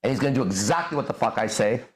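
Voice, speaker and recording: A man's voice: medium pitch, animated, racing. A man hosting a podcast, ranting in an emphatic, profane and aggressive monologue, recorded in an echoey room. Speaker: podcast host.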